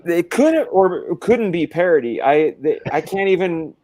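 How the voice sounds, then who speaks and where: A man's voice: high voice, expressive, a little slow, warm tone. A man hosting a casual live stream, rambling and hesitant with lots of fillers. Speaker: stream host.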